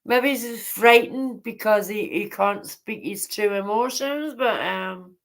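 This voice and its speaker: A woman hosting a casual livestream chat, speaking haltingly and repeating herself. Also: mid-range voice, vocal fry. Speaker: livestream host.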